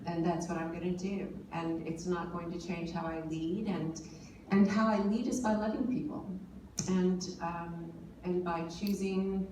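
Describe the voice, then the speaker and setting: A woman's voice: fairly low pitch, level tone, unhurried, dark tone. A woman in her forties giving an earnest personal speech at a forum, talking with many fillers and restarts. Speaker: panel speaker. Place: large conference hall. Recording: distant mic in an echoey hall with noise.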